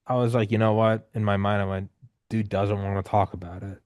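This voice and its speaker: A man in his thirties hosting a podcast, telling stories in a loose, rambling, animated way with casual swearing. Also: fairly low pitch, fast talker, dry recording, clean studio sound. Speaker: podcast host. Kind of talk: casual conversational storytelling.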